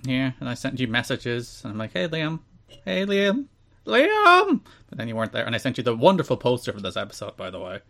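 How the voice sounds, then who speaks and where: A man's voice: mid-range voice, rapid-fire, few pauses. A man hosting a podcast in casual chat, boastful and teasing his co-host.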